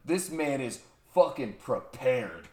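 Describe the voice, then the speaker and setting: A man's voice: medium pitch, slow. A young man co-hosting a podcast, telling jokey, profane stories about a show in casual chat. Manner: animated, profane, jokey storytelling. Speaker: podcast co-host. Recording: roomy echo.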